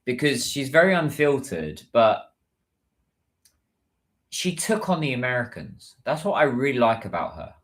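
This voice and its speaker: A man's voice: mid-range voice, very animated, unhurried, pauses often, fairly bright tone. A British man hosting a casual livestream, chatting and answering viewer messages. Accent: British English. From United Kingdom. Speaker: livestream host.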